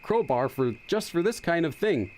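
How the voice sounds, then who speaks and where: A man's voice: a little high, expressive, normal speed, darkish tone, slight background noise. A middle-aged man hosting a casual game playthrough, chatty and explaining as he goes. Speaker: gaming channel host. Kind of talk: casual let's-play commentary.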